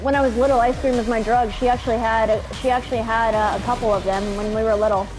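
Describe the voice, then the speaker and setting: A young woman with a high-pitched voice tells a rambling travel story between races, animated and freely profane. Game music plays clearly under her talk. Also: fast. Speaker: gamer co-streamer. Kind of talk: casual chat while gaming.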